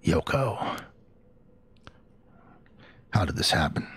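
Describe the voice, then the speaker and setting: A man doing a gravelly, grim young hero. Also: animated, takes it slowly, a bit bright, heavily acted. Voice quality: low gravelly put-on growl. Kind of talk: voicing game dialogue in a let's play. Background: game music.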